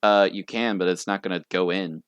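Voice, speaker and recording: A young man running a tabletop game as game master, relaxed and rambling, laughing often. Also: deep voice, brisk, clean tone, no room sound.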